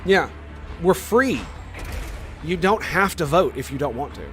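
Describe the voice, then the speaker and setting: A young male streamer in casual chat with viewers, getting worked up and profane as he argues. His voice sits a little higher than most men's. He keeps firing rhetorical questions back at the chat. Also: expressive, unhurried, fairly bright tone, soft background music. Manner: heated, profane ranting at chat; argumentative, fires rhetorical questions. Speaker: game streamer.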